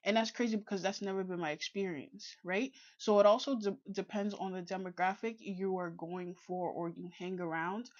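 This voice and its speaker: A woman vlogger giving casual commentary and advice in a calm, measured way. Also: mid-range voice. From Canada. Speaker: reaction vlogger. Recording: dull lo-fi audio.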